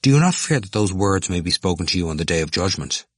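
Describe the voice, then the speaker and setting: A man reading a probing, sardonic young male student whose questions rise and fall, with a low, dry voice. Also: sing-song, fast talker, no room sound.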